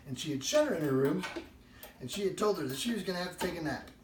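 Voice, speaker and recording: Lively storytelling man, echoey kitchen. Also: a little high, fast, noisy background. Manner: animated comic storyteller. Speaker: cooking show host. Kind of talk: cooking demo with anecdote. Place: home kitchen. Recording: echoey, distant room sound.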